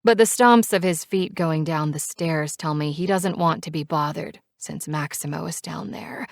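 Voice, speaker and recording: A woman narrating a first-person romance audiobook with a measured, steady reading on a close mic. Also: low voice, vocal fry, no echo.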